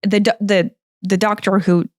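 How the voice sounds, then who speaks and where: A woman's voice: mid-range voice, flat delivery, normal speed, no echo, clean studio sound. A woman from Ukraine, a podcast co-host and energy healer, telling a travel story in a rambling way that often restarts. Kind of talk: casual storytelling chat.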